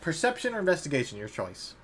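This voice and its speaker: A man's voice: a little high, huge pitch swings, quick pace, fairly bright tone, a little hiss or hum. A young man running a tabletop game as dungeon master, narrating in a loose, casual way and laughing easily.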